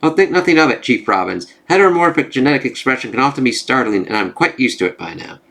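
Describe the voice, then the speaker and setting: A man's voice: medium pitch, expressive, quick pace, fairly bright tone. A man voicing a formal, courteous male mutant scientist who speaks politely and at length.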